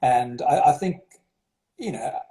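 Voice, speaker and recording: Interviewed via video call, a headmaster from South Africa speaks slowly with a South African accent. His mid-range voice is expressive and dark, and he hesitates frequently, filling gaps and restarting. The sound is echoey.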